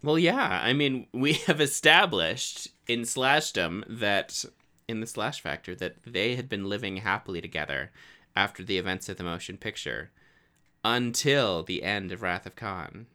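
A man's voice: fairly low pitch, lively intonation, a little slow, bright, forceful tone. A man co-hosting a casual film-review podcast, enthusiastic and laughing often. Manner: enthusiastic, laughs often, acts out quoted lines. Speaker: podcast co-host.

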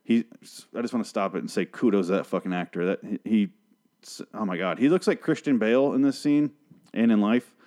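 A man's voice: lowish voice, fairly quick, darkish tone. A man hosting a solo TV review show, recapping an episode in a rambling, profane, self-correcting way. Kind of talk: casual solo recap podcast.

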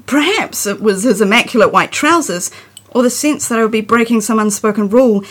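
A woman poet reading her own poem in a measured, expressive way. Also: on the high side, husky. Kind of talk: poetry reading.

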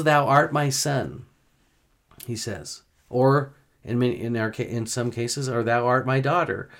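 A man hosting a gospel discussion podcast, teaching scripture in an earnest, emphatic way and slowing down to stress key words. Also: mid-range voice. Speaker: podcast host.

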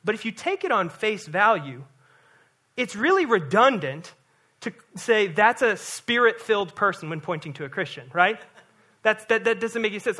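Bright-voiced man preaching a sermon. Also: high voice, sing-song, moderate pace. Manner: earnest, conversational preaching with repeated restarts. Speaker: pastor.

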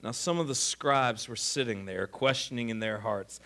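A man preaching a sermon, swinging between quiet, intimate lines and loud, emphatic ones. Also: mid-range voice, normal speed. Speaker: pastor.

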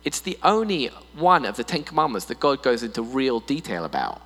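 A man preaches a sermon with a lively, swinging delivery, slipping in comic voices to make his point. His voice rings through a hall with a long reverb, and a faint mains hum sits underneath. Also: medium pitch, fairly quick. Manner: animated, playful, mimics voices for humor. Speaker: pastor. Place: church hall.

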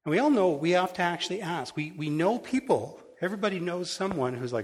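A man's voice: sits high, lively intonation, fairly quick, slightly rough. Middle-aged man preaching conversationally. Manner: casual storytelling with frequent restarts; self-deprecating and candid. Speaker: pastor. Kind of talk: conversational sermon.

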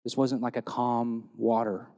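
A man preaching a sermon, telling stories and retelling scripture in a lively storytelling way. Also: mid-range voice, a little slow, in a large hall. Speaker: pastor.

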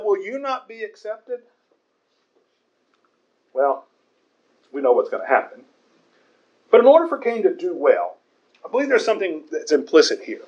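A man's voice: on the high side, darkish tone, poor audio. A man preaching a conversational Bible sermon in an earnest way, often stumbling over repeated words.

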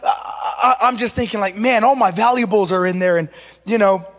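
High-voiced man from East Los Angeles preaching. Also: brisk, long reverb tail. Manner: animated storyteller acting out quotes, with fillers. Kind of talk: sermon storytelling.

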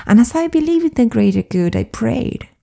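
A woman speaks with a strongly creaky, fry-laden voice that sits warm and mellow. She talks as a coach in a soft, earnest, confiding personal monologue, as if opening up to a close listener. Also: on the high side, expressive, moderate pace. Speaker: flow coach.

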